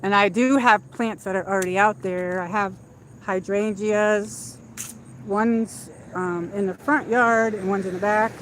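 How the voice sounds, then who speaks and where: A woman livestreams a relaxed walk-and-talk through an outdoor shopping area at dusk, speaking into a phone in her hand. Her mid-range voice is a bit bright with fairly even intonation and a slightly slow pace. She rambles with frequent fillers over a little hiss or hum.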